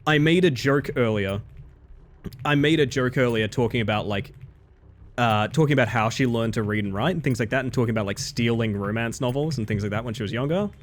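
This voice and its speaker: A man on a live stream talks loosely in a mid-range voice, going a little fast. He rambles and plugs the gaps with "like" and "you know."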